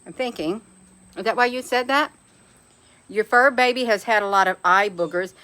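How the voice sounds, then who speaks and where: A woman's voice: mid-range voice, normal speed, pushed and bright. A middle-aged woman hosting a casual live chat, reading viewer comments in a folksy way, laughing often and calling people honey.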